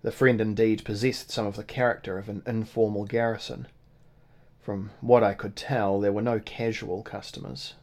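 A man reading a first-person novel aloud in a measured, formal manner. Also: lowish voice, level tone, darkish tone. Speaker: audiobook narrator. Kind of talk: scripted first-person narration.

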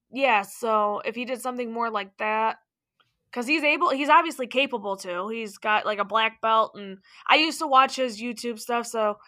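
A woman's voice: on the high side, sharp tone. A woman co-hosting a casual chat, talking loosely with many fillers, her voice cracking now and then. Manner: chatty, lots of fillers and laughs. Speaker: podcast co-host.

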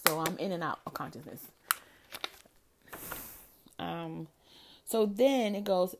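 Woman in her 40s, gravelly, sassy, ranting, tired. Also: on the low side, slow pace, long pauses. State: tired and crampy. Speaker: vlogger. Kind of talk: casual monologue.

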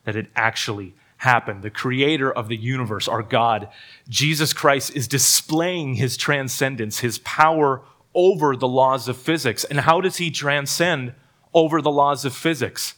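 A man's voice: mid-range voice, a little slow, fairly bright tone. Earnest preacher man with a middle voice. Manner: earnest, with self-deprecating humor and frequent word repeats. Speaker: pastor. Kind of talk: sermon. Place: church service.

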